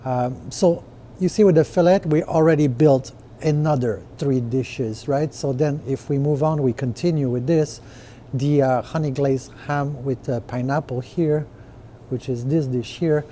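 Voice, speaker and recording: A man's voice: mid-range voice, unhurried, mellow, a little hiss or hum. A man who owns restaurants, casually walking through his menu on a screen share, with lots of fillers and rhetorical "right?" checks. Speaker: restaurant owner podcaster. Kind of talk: casual explanatory walkthrough.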